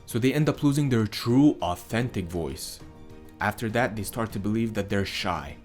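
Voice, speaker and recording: A man's voice: on the low side, moderate pace, darkish tone, faint music behind. A man teaching as a voice coach in a scripted monologue, stressing key words with big rises and falls.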